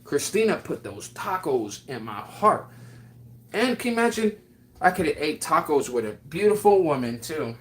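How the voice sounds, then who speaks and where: A man's voice: fairly high pitch, big pitch swings, normal speed. A man chatting casually on his livestream, rambling and affectionate, with lots of fillers as he answers viewers. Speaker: livestream host.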